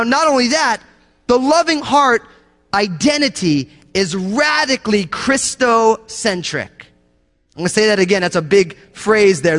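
Impassioned high-voiced male preacher, reverberant hall. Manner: impassioned preaching, swinging from loud emphatic lines to hushed low ones. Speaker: pastor. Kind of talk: sermon.

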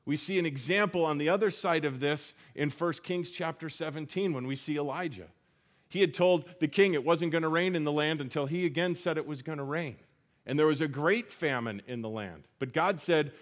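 A man's voice: fairly high pitch, moderate pace. A man preaching a sermon in a conversational teaching manner, asking rhetorical questions and correcting himself as he goes. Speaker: pastor.

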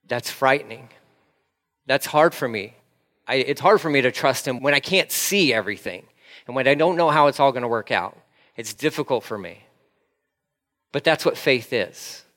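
A man's voice: mid-range voice, a bit bright. A man preaching a casual, conversational sermon, emphatic and repeating phrases for stress. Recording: long hall reverb.

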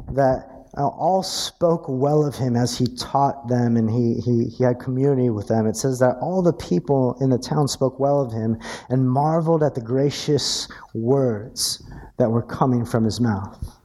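Dark-toned male pastor preaching. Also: mid-range voice. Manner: animated preaching with stammered restarts and rising emphasis. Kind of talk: sermon.

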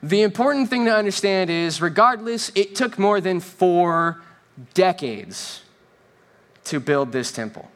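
A man's voice: high-pitched, expressive, unhurried, long pauses. A man preaching a sermon from a church stage, in a conversational style with joking asides and quoted voices acted out. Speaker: pastor.

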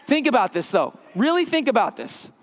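A man preaching a conversational sermon as a pastor in a church, slowing and dropping his voice for emphasis. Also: very high voice, big pitch swings, big-room sound. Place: church sanctuary.

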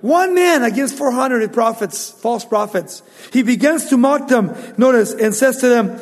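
A man preaching a Bible sermon as an animated storyteller who acts out the quotes. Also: very high voice, a little slow, hardly any pauses, in a large hall. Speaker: pastor.

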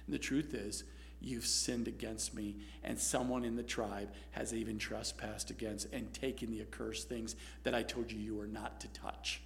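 Man doing God, stern divine father, low voice, quiet, slow and firm. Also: little pitch movement, creaky, slight background noise. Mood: stern, hushed.

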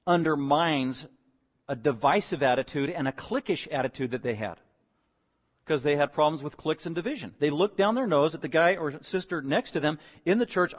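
A man preaching a sermon, emphatic and building to loud, repeated declarations. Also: fairly high pitch, long reverb tail. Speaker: pastor.

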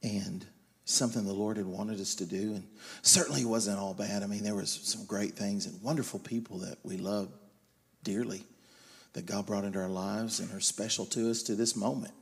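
A man preaching a sermon, swinging between loud emphatic lines and quiet confiding storytelling. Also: fairly low pitch, normal speed, gravelly, husky. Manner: animated, loud and emphatic, then quiet and confiding when telling his story. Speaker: guest preacher.

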